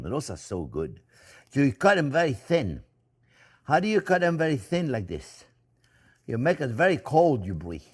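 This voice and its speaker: A middle-aged male chef talks through a cooking demo in a chatty, joking way, often calling his viewers friends. His pitch swings up and down with plenty of life. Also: darkish tone. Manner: talkative, jokey, addresses viewers as friends. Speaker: chef and cooking show host.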